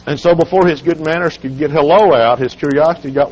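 A hoarse man with a cold, speaking as a guest at a children's home and telling humorous stories in a relaxed, folksy way. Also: a little high, fast talker. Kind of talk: folksy storytelling sermon. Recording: dull lo-fi recording.

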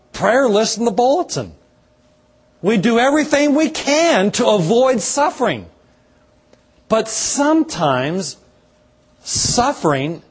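A man, a pastor, delivering a slow, measured sermon with dramatic pauses and a husky voice. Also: high-pitched.

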